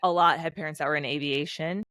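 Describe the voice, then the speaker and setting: Woman in her 30s, lively storyteller on a podcast, dry close mic. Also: deep voice, dry recording. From United States. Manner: animated storyteller, quick bursts, acts out quotes. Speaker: podcast guest, former fighter pilot. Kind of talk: casual interview conversation.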